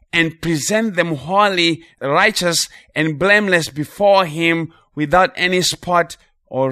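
Man giving a sermon, slow deliberate pace, bright forceful tone, dry close sound. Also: a little high, no echo. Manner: emphatic, repeats phrases for stress, slows on key words. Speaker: preacher.

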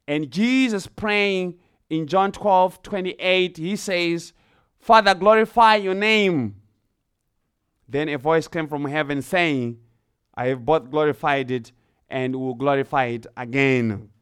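A man delivers a sermon in a slightly high voice. He speaks slowly and deliberately, reading scripture and stressing key words with swells in pitch and volume. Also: clear, resonant tone. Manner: slow, emphatic preaching with swells in pitch and loudness. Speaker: preacher.

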